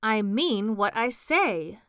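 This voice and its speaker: Woman reading as the Mock Turtle, a gloomy old male sea creature from a storybook, drawn-out and touchy, in a smooth voice close to a dry mic, unhurried and a shade higher than plain narration. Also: expressive, fairly bright tone, dry recording. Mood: mournful. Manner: mournful, easily offended.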